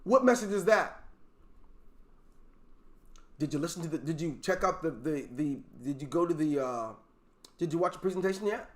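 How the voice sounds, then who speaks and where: High-voiced man giving a preachy pep talk. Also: animated, moderate pace, long pauses. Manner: emphatic, preachy, full of rhetorical questions. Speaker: network marketing team leader. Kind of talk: motivational leadership talk. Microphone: video call.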